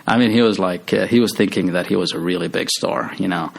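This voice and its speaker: A man's voice: low voice, quick pace, gravelly, husky. A man casually retelling a movie's story, rambling with lots of fillers and restarts. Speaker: movie recap host.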